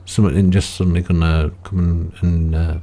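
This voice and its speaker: A man's voice: sits low, level tone, moderate pace, mellow. A man giving rambling, chatty gameplay commentary, often ending remarks with tag questions. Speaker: gaming video creator.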